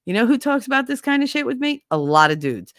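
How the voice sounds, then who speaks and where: A middle-aged woman with a New York accent, hosting a podcast and telling a casual story, animated and blunt, laughing often and acting out what people said. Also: high voice, quick pace, no room sound, clean studio sound. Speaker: podcast host.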